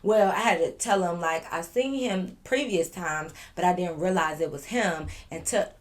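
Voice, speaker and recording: Chatty woman with a lowish voice. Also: normal speed. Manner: chatty, addresses viewers directly, lively asides. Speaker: vlogger. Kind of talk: casual storytime to viewers. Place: living room at home.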